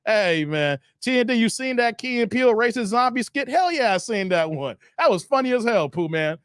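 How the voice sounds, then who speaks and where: A man hosting a casual live stream, reading viewer comments and ranting in an animated, joking way with frequent laughter. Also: very high voice, moderate pace, smooth, no room sound, clean studio sound.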